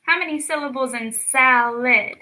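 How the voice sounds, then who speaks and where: A woman leading a children's storytime lesson, speaking slowly and clearly with encouraging teacher talk. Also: sits high, bright, forceful tone, rough recording. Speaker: speech clinic storyteller.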